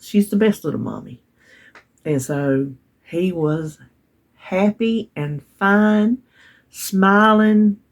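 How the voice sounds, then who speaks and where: Older lady vlogging, folksy rambly storytelling, lots of restarts. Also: fairly low pitch. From United States. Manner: chatty and folksy, with frequent restarts and little laughs. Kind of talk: casual storytelling.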